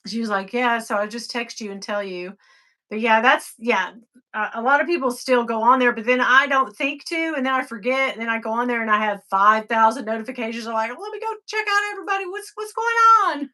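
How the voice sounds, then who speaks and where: A middle-aged woman hosting a casual livestream, chatting and reading viewer comments. She moves between soft, sighing passages and sudden excited high bursts. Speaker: livestream host.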